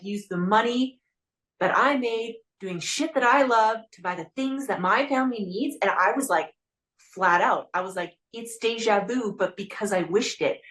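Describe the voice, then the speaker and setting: A woman's voice: mid-range voice, fairly bright tone. Heartfelt chatty woman podcast host. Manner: heartfelt, chatty, leans on "like" a lot. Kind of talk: casual podcast interview.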